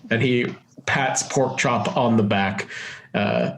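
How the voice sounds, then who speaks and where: A man narrating a tabletop game as game master, with measured description and quick asides. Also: mid-range voice, vocal fry, fairly bright tone, slight background noise.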